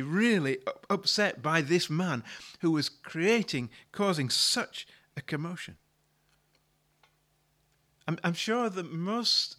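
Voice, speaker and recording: A man delivers a sermon with a bright, forceful tone and a voice pitched a little above the usual male range. He preaches like he is telling a story, conversational rather than formal. He often repeats a word or two as he restarts a sentence. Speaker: pastor.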